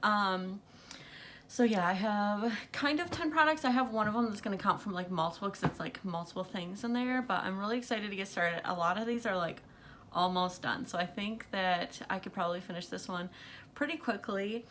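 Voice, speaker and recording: A woman's voice: medium pitch, normal speed, a bit bright, slight background noise. A young woman who is out of breath, chatting casually about makeup to her camera at night, rambling with lots of fillers and frequent little laughs. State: out of breath from pregnancy. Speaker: beauty vlogger. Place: bedroom at night under bright light.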